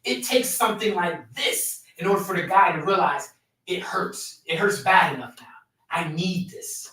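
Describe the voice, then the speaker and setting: A man's voice: sits high, normal speed, bright, forceful tone, recorded from a distance. A man hosting a podcast and coaching other men in an emphatic conversational way, often repeating his key phrases. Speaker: podcast host, men's coach. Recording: very echoey room, voice away from mic.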